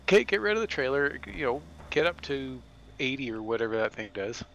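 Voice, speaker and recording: A man with a bright, forceful voice chats casually on a game stream, telling stories with animation and giving gameplay advice. Faint noise sits under his voice. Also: mid-range voice, big pitch swings, a little fast, lo-fi sound. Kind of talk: casual chat.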